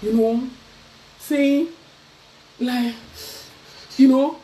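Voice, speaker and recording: A Nigerian woman vlogger ranting loudly to camera in a mocking, scolding way. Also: sits high, fairly even intonation, extremely slow, a little hiss or hum. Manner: loud, mocking, switching into Pidgin. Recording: voice a bit far from the mic.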